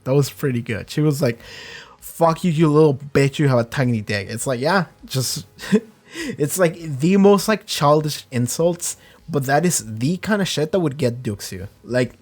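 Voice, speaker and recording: A man hosting a casual reaction and review video, talking in a rambling, profane, excitable way. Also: fairly high pitch.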